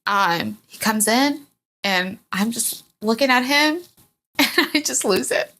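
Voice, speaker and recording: A woman's voice: on the high side, animated, slow pace, fairly bright tone. A woman telling her own story as a podcast guest, candid and emotional, rambling with fillers. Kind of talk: personal storytelling in a podcast interview.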